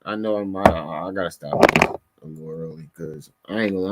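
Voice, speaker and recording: A man's voice: low voice, fairly quick, background noise. A man commenting on a clip during a live stream, exasperated and mocking, stammering as he gets fed up.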